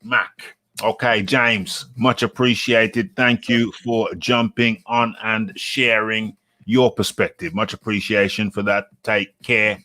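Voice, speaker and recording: A man's voice: lowish voice, steady tone, slow, pushed and bright, dry recording. A man hosting a live boxing talk show, rambling casually and repeating himself as he reads comments. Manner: rambling, self-correcting, repeats phrases. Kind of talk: casual live-stream chat.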